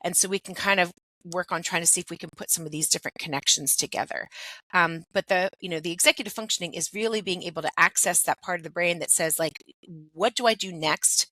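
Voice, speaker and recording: This middle-aged pediatric occupational therapist talks fast with a steady, sharp tone on the low side. She's explaining things in a conversational interview, frequently tossing in "like" and "right?", and the audio is poor with no room sound.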